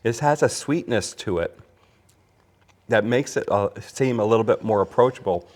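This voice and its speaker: A man with a fairly low voice hosts a relaxed whiskey tasting conversation. He talks like a storyteller, circling back on himself with fillers and restarts. His tone stays easygoing and conversational. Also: moderate pace. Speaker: podcast host. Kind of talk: casual whiskey tasting chat.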